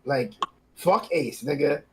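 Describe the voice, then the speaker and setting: A man's voice: medium pitch, lively intonation, slow pace, darkish tone, a little hiss or hum, low-quality recording. A man chiming in on a podcast with blunt, profane remarks. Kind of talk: casual chat.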